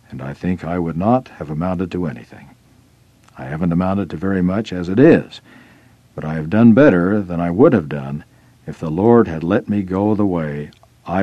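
Guy with a low mellow voice reading a religious story aloud, earnest and measured, dry close sound. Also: husky, no echo, lo-fi sound. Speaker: reader. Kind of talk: reading a first-person religious article aloud.

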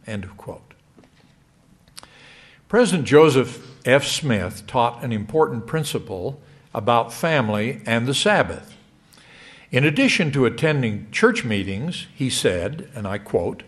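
A middle-aged man delivering a sermon to a congregation in a measured, emphatic way. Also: mid-range voice. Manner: measured, lively rising emphasis. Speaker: church speaker.

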